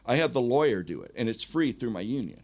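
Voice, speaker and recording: A middle-aged man spins stories from his band days in a loose, casual way. His pitch swings widely as he talks, and he swears freely. He laughs often. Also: fast. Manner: animated, profane, laughs often. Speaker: podcast guest, punk band frontman. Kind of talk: casual storytelling.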